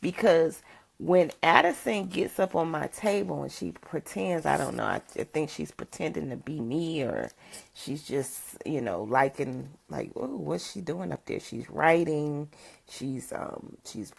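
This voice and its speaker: Older woman, livestream chat, gravelly morning voice, husky, slow and lively. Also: deep voice. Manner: chatty, greets viewers by name, laughs often. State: rough morning voice. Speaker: motivational speaker.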